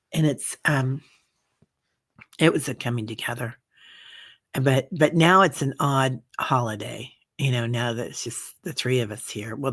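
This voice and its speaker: A woman hosting a meditation group livestream, chatting gently and reading viewer comments aloud with many soft fillers. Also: very deep voice, husky, no room sound, clean studio sound.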